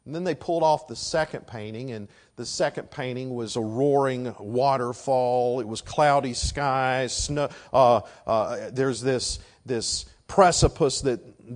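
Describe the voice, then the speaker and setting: Preacher swinging from hush to shouts. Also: male voice, medium pitch. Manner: swings from hushed to shouting for emphasis. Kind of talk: sermon.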